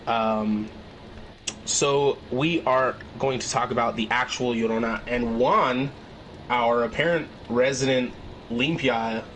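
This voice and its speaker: A young man hosting a casual podcast, talking in a halting way with many fillers. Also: medium pitch, fairly even intonation, fairly bright tone, a little hiss or hum, poor audio. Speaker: podcast host.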